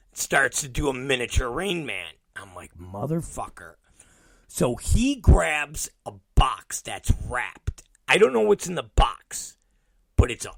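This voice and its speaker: This middle-aged podcast host has a medium-pitched, gravelly voice with a fairly bright tone, recorded with no room sound. He tells a long, profane family story as a monologue, acting out every quote.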